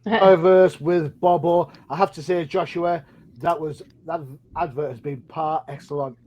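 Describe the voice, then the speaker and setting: A man's voice: on the high side, fairly even intonation, normal speed, lo-fi sound. A man hosting a comic book podcast, chatty and playful, with many fillers. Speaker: podcast host. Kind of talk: casual chat.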